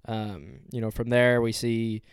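A man's voice: mid-range voice, level tone, measured pace, gravelly, clear, resonant tone, dry recording, clean studio sound. A man co-hosting a podcast, recapping a movie scene by scene in a laid-back, casual way. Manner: laid-back recap, plot-walking with "from there". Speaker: podcast co-host. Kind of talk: casual film discussion.

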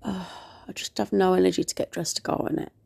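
A woman's voice: lowish voice, steady tone, quick pace, gravelly, mellow, breathy edge. A woman rambling through a casual podcast monologue while unwell, often sinking into a whisper. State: unwell with a virus.

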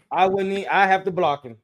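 A man's voice: sits high, gravelly. A man co-hosting a sports podcast, chatting casually, reading viewer comments aloud and laughing often. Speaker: podcast co-host.

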